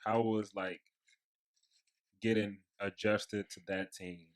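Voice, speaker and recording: A young man hosting a podcast, a relaxed, slangy interviewer who asks loose questions and throws in short reactions. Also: lowish voice, slow. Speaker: podcast host. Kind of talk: casual chat.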